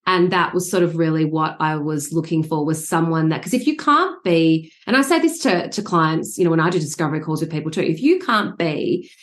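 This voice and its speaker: A woman's voice: deep voice, a little fast, hardly any pauses. A woman guest on a podcast, chatting casually over a video call about her coaching journey, rambling and restarting with frequent laughs. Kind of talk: casual interview chat.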